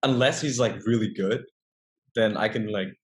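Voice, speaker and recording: Young man with a Vietnamese accent, halting. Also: on the low side. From northern Vietnam. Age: young adult. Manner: hesitant, many restarts and fillers. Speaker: guest. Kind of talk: casual interview chat.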